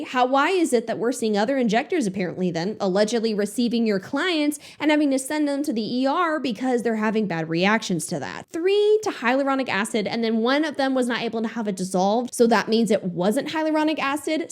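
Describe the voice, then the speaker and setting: A young woman talks through a reaction video in a casual, sarcastic way, and she swears freely when something exasperates her. Her voice sits a little high and swings widely in pitch, so it sounds bouncy and expressive. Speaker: beauty commentary YouTuber.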